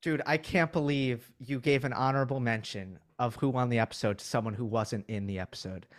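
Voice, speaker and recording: A man's voice: medium pitch, fairly even intonation, fairly quick. Emphatic man with a teasing tone. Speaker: podcast co-host. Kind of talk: casual chat.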